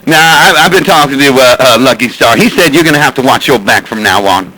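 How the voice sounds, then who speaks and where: A man's voice: medium pitch, animated, fairly quick, bright, forceful tone, poor audio. A man chatting and laughing over CB radio, stammering and repeating himself. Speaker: CB radio host. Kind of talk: casual CB radio banter.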